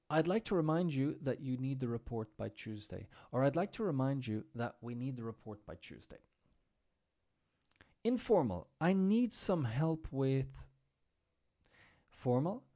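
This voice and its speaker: A man teaching English on a live stream, talking through example phrases in a relaxed, explaining way. His voice is mellow and rather dark, at an ordinary pitch. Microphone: computer mic on a live stream.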